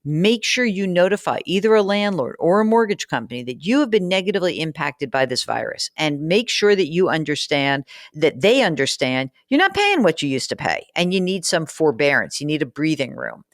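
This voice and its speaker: A woman with a lowish, very lively voice hosting a money advice show. She talks frankly and chattily and teases her listeners now and then. The sound is close and dry. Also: fairly quick, hardly any pauses, dry recording. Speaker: personal finance podcast host. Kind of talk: casual advice talk, reading listener letters.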